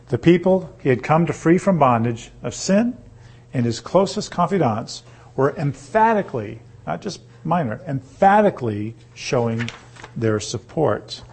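A man reading scripture aloud and teaching on it, pausing to ask his listeners rhetorical questions. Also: on the high side, husky. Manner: reads slowly, then explains with rhetorical questions. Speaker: Bible teacher.

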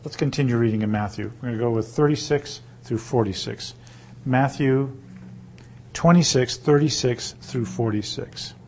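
A man reading scripture aloud and teaching on it, pausing to ask his listeners rhetorical questions. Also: medium pitch, a little mellow, a little hiss or hum. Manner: reads slowly, then explains with rhetorical questions. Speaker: Bible teacher.

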